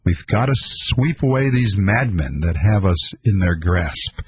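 A lower-voiced man hosts a political call-in show on the radio. He sounds indignant and sardonic, with plenty of uhs and ums. The audio is a bit dull. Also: expressive, a little slow, breathy edge, no echo. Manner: indignant, sardonic, many fillers. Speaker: radio talk show host.

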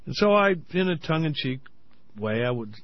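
A man's voice: a little high, very animated, normal speed, no room sound, muffled recording. A man in a played interview clip, talking earnestly with many ums and uhs. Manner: hesitant, many fillers, earnest. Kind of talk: interview talk.

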